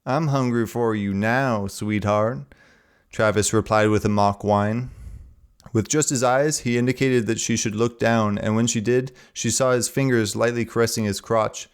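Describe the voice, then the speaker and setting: A man reading a novel aloud in a steady, even narration. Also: lowish voice, normal speed, clear, resonant tone.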